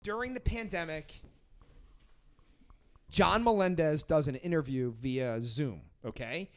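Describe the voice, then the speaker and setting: A man's voice: fairly high pitch, measured pace. A man guest on a podcast, telling rambling, profanity-laced stories in casual chat. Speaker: podcast guest, rock band frontman.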